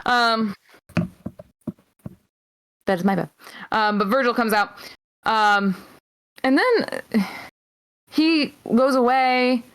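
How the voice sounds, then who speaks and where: Smooth-voiced woman recapping wrestling casually. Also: fairly high pitch. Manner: recaps match play-by-play with frequent "um" pauses. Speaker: podcast co-host.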